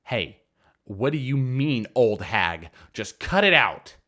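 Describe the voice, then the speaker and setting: A man's voice: mid-range voice, very animated, slow pace, bright, forceful tone, exaggerated voice. A man voicing a stern, exasperated woman homeowner in a story reading. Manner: firm, exasperated.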